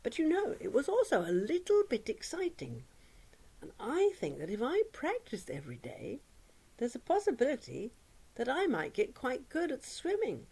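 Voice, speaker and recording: A woman voicing a kind, brave little hen who talks in a warm, encouraging way. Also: sits high, huge pitch swings, normal speed, husky, pitched above the performer's own voice, full character voice, poor audio. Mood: friendly.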